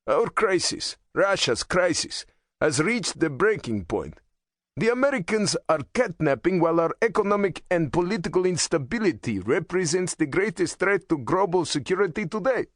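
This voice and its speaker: A man narrating an audiobook voices a fervent hardline male politician, raspy, harsh and impassioned. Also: sits high, sing-song, moderate pace, dry recording, clean studio sound, pitched above the performer's own voice. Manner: impassioned, intense.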